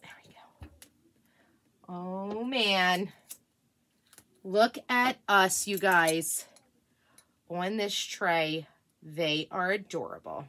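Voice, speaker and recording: A woman chatting casually in a craft vlog at home, gushing and excitable as she works. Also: lowish voice, very slow, pauses often. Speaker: craft vlogger.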